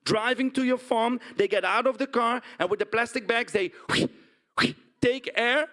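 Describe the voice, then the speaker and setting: A man's voice: very high-pitched, normal speed. A man playing a blunt, indignant pig farmer. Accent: Dutch. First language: Dutch. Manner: blunt, animated storytelling with frequent "huh?" and "right?" tags. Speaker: stage performer. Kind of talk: theatrical monologue.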